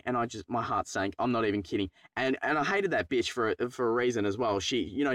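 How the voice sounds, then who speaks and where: A teenage man telling a funny personal story to his viewers, excitable and swearing freely, dropping into low mutters when he acts out his own panic. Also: fast talker, hardly any pauses, no echo, studio quality. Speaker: vlogger. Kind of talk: casual storytelling to camera.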